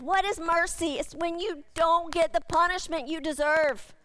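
A woman pastor delivers a sermon in a high voice, hammering home her main lines by repeating them. The sound is dry and close, with no room echo. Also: steady tone, measured pace, bright, forceful tone. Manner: emphatic, repeating key phrases.

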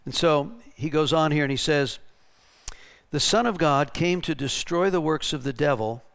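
A man preaching a storytelling sermon in an animated way, restarting and repeating words and rising to shouted bursts. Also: fairly high pitch, normal speed, vocal fry, clear, resonant tone. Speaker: pastor.

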